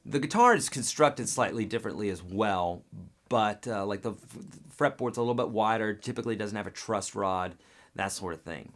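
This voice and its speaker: A man's voice: on the low side, normal speed. A man teaching guitar on a live webcast, reading viewer questions and answering in a casual, direct way that keeps checking in with "okay?".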